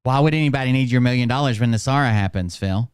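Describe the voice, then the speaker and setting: A man's voice: medium pitch, fast, slight background noise. A man hosting a commentary channel, talking in a sarcastic, scornful way. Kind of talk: critical commentary.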